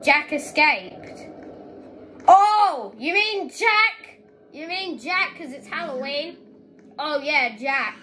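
A young woman giving excitable gaming commentary, often yelling at other players. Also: high-pitched, slow pace, a little hiss or hum, poor audio. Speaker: gaming video creator. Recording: gameplay with music behind.

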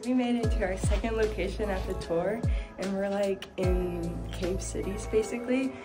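An excitable young woman chatting straight to her viewers as a travel vlogger, gushing over everything and filling her talk with "like". Her voice sits in an ordinary middle range for a woman. Music plays clearly behind her. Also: mid-range voice, moderate pace. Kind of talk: casual vlog chat to camera.

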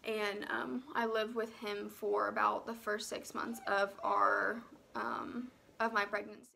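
A young woman tells her own story in an emotional vlog. She sounds close to tears and speaks haltingly, often dropping to a near whisper and filling pauses with "um" and "like.". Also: mid-range voice, flat delivery, creaky, bright, forceful tone. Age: young adult. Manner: frequent "um" and "like" fillers.

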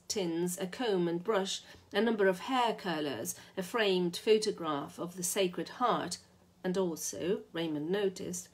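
A woman reading a short story aloud in a steady, measured way. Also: mid-range voice, slightly rough. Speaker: reader.

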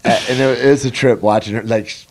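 A man's voice: medium pitch, steady tone, brisk. A man in his twenties hosting a podcast, chatting casually in a laid-back, slangy way with plenty of swearing. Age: 20s. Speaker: podcast host. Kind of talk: casual chat.

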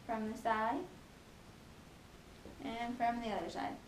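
A young woman in a casual home vlog, talking fast and chattily about her pregnancy, with lots of ums and likes. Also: fairly high pitch, little pitch movement, slight background noise. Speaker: pregnancy vlogger. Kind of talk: casual chat.

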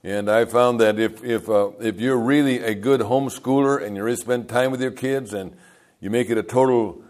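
A man's voice: medium pitch, steady tone, normal speed, darkish tone. An older man, a pastor, telling rambling folksy stories in a sermon and chuckling as he goes. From United States.

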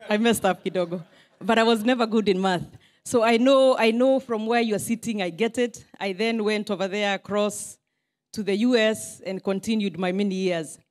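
A woman's voice: mid-range voice, moderate pace. Chatty Kenyan woman giving a speech. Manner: chatty, self-deprecating, mixes in Swahili asides. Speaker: politician addressing a diaspora meeting. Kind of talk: informal speech to a crowd.

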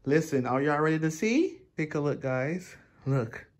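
A male vlogger talks through his room makeover in excited, slangy chat. His voice sits a little high and he takes his time, lingering on words. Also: a little slow. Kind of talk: casual home vlog.

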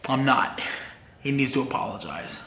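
A man recording a confessional vlog in his garage, talking in a halting, upset way with many pauses. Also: mid-range voice, expressive, vocal fry, sharp tone, reverberant, a little hiss or hum. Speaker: vlogger.

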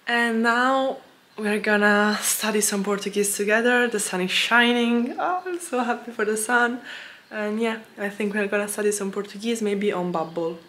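A young woman who is not a native English speaker, chatting casually on her vlog, giggling often and filling pauses with ums and restarts. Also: medium pitch, a bit bright, a little hiss or hum. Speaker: language-learning vlogger.

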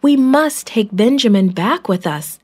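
A woman's voice: expressive, measured pace, husky. A woman voicing a group of frightened grown brothers who plead anxiously, in a children's storybook. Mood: urgent. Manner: pleading, anxious, higher pitched.

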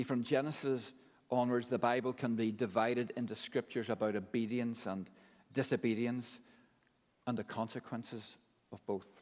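A man's voice: medium pitch, a little mellow. Preaching man in a reverberant hall. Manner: measured, emphatic preaching with deliberate pauses. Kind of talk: sermon.

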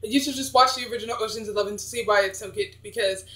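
A young vlogger rambles bluntly through old movie picks in a casual, chatty review. The voice sits at a middle pitch. There is a roomy echo around it. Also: fairly even intonation, very fast, sharp tone.

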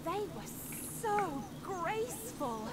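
A dreamy, wistful villager in a video game, speaking slowly about birds. Her voice is very high and lilting. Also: sing-song, exaggerated voice. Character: dreamy woman charmed by birds.

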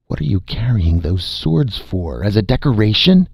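A man's voice: deep voice, lively intonation, normal speed, warm tone, no room sound, studio quality. A man voicing a fierce, impatient young male rebel leader who snarls his lines, in a slightly muffled recording. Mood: angry.

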